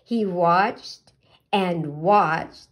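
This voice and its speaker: A woman reading a picture book aloud to children, gently asking them questions about the pictures. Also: lowish voice, extremely slow.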